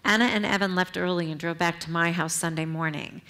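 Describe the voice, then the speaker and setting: Lower-voiced middle-aged woman reading her memoir. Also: fairly even intonation, bright, forceful tone. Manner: measured, earnest reading with brief asides to the audience. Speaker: author. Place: public library event.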